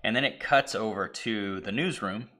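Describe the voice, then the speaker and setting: A man co-hosting a casual talk stream, rambling through a film's plot and acting out its lines with sudden shouts and whispers. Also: lowish voice, normal speed. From Irish heritage (family, not place). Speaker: podcast co-host. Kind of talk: casual chat retelling a movie.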